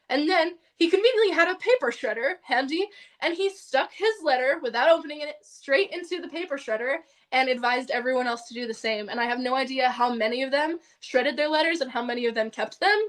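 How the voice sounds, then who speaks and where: A woman guest on a podcast, telling a personal story in an animated way, with lots of "like" and frequent laughter. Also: high-pitched, brisk. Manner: animated, heavy use of "like", laughs often.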